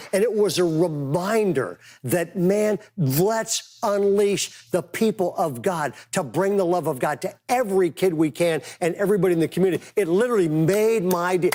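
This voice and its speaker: A man's voice: high-pitched, warm tone. A man preaching a conversational sermon as pastor, telling stories with casual, emphatic asides.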